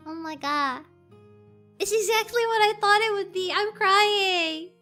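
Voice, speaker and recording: A woman streamer chatting casually on a livestream, gushing and squealing with excitement. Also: very high-pitched, measured pace, soft background music.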